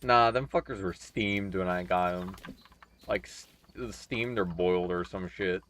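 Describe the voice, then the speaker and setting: A man's voice: low voice, measured pace, a bit bright, slight background noise. A man streaming a game, chatting in a laid-back, offhand way and swearing casually. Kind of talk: casual chat while gaming.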